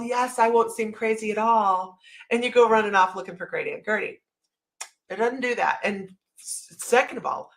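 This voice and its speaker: A woman's voice: on the low side, gravelly, a bit bright, low-quality recording. A woman with a slight Southern American accent hosting a livestream, chatting casually and telling a story with lots of asides. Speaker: psychic livestream host.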